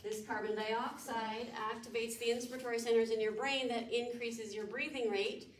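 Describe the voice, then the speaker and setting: A woman professor lectures to a class, asking students questions and working through explanations step by step. Her voice is fairly high and steady in tone at a moderate pace, captured from far off by an echoey room mic in the lecture room, with background noise.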